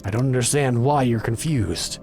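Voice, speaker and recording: A man's voice: medium pitch, moderate pace, a little mellow, faint music behind, lightly acted. A man doing a stern, fussy librarian. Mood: scolding. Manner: scolding, insistent.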